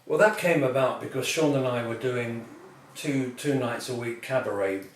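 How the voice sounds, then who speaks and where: Animated man telling stories. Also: mid-range voice, moderate pace. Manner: animated storyteller, acts out quotes, laughs often. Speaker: guest, performer and musician. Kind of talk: anecdotal interview chat. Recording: echoey, distant, faint noise.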